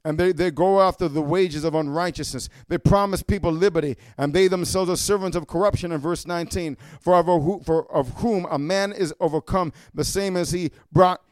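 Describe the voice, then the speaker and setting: High-voiced man preaching a fiery sermon. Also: brisk, few pauses, smooth, no room sound, studio quality. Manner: punctuates with "amen?", builds to shouting.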